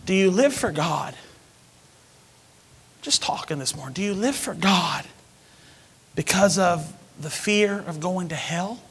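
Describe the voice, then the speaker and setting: A man preaching a sermon, telling a personal story with animated, sudden loud outbursts. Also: sits high, unhurried, long pauses, slightly rough.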